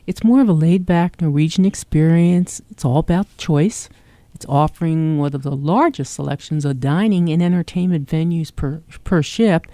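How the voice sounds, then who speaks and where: A woman's voice: sits low, normal speed, warm tone, no room sound. A woman with a South Jersey accent hosting a radio travel segment in an enthusiastic, chatty way. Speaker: radio show host, travel agent. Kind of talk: casual radio chat.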